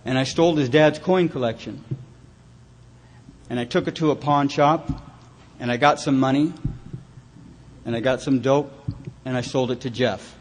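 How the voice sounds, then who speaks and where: Man, from Los Angeles, recovery speaker, wry self-mocking storytelling, mid-pitched voice, live talk. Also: moderate pace, pauses often. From Los Angeles, California. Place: retreat meeting hall, live audience.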